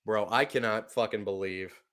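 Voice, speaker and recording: A young man giving live, profane fan play-by-play of a football game, exasperated and bursting into loud outbursts. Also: lowish voice, steady tone, moderate pace. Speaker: podcast play-by-play host.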